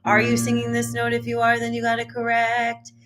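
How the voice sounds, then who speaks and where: A woman vocal coach teaching a live online ear-training lesson. She has a phlegmy throat that she clears often, and she breaks into short sung demo phrases. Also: fairly high pitch, completely flat delivery, a little fast, loud music behind the voice.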